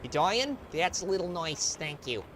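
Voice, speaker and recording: A man's voice: on the high side, big pitch swings, moderate pace, voice pushed up. A man putting on a chummy Canadian-accent guy. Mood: taunting. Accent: put-on Canadian. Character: mock-friendly Canadian man taunting enemy. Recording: noisy background.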